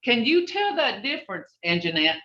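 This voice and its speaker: Teaching a language online, this speaker patiently repeats phrases to show their tone, using a very animated, pushed, and bright voice of medium pitch at a moderate pace. The mic is distant, picking up roomy, dull video-call sound.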